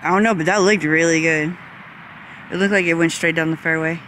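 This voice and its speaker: A woman's voice: low voice, steady tone, brisk, fairly bright tone, slight background noise. A woman filming on a golf course with a handheld phone, chatting and narrating the shots to the camera. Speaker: girlfriend filming. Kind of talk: casual play-by-play narration.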